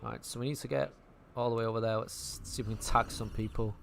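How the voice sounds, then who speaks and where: A man's voice: medium pitch, steady tone, quick pace, gravelly, fairly bright tone, a little hiss or hum. A man with a Manchester accent chatting and thinking aloud over a game he plays, casual and a little sweary. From England. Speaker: gaming streamer. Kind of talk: casual gameplay commentary.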